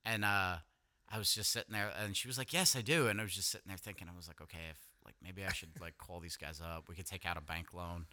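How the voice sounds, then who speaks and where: A man's voice: low-pitched, steady tone, fast, bright, forceful tone. A man co-hosting a podcast, telling a rambling, filler-heavy anecdote in casual chat and laughing at himself.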